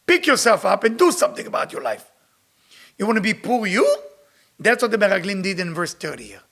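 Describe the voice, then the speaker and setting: Emphatic teacher, man, gravelly. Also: high voice, expressive, a little fast, fairly bright tone. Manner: emphatic, repeats rhetorical questions. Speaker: Kabbalah teacher. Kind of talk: spiritual lecture reading and translating Hebrew text.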